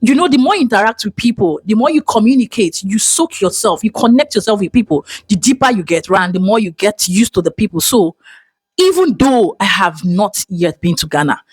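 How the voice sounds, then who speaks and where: A vlogger from Nigeria with a Nigerian accent, speaking in an expressive, dramatic way in an emotional personal monologue. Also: medium pitch, fairly quick, husky, no room sound.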